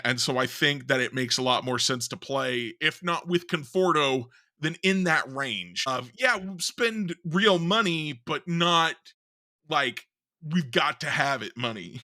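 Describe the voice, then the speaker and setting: A man's voice: a little high, animated, unhurried, bright, forceful tone, no room sound, clean studio sound. A man co-hosting a casual sports podcast, rambling loosely with many fillers and restarts. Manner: rambling, lots of fillers and self-corrections. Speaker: podcast co-host.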